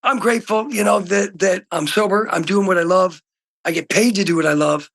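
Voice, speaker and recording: A middle-aged man from Oregon, a guest musician telling stories in a casual interview over the phone, excitable and swinging between loud bursts and hushed talk. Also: high voice, brisk.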